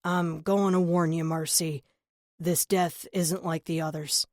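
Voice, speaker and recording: A woman's voice: lowish voice, little pitch movement, a little slow, a little mellow, dry recording, studio quality, lightly acted. A woman voicing a stern male police captain who gives firm orders in an audiobook. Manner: firm and commanding.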